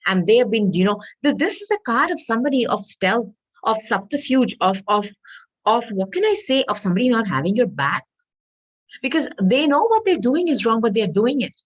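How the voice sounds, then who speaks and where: A woman tarot reader talking her way through a reading, repeating herself and adding hedging asides, clearing her throat as she loses her voice. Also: fairly high pitch, very animated, brisk, rough recording. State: losing her voice.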